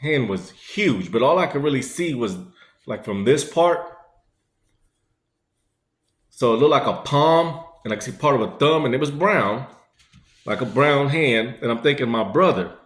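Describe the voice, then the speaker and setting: A man's voice: mid-range voice, lively intonation, moderate pace, a bit bright. A man casually telling a personal story in a rambling, conversational way, full of fillers. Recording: echoey room.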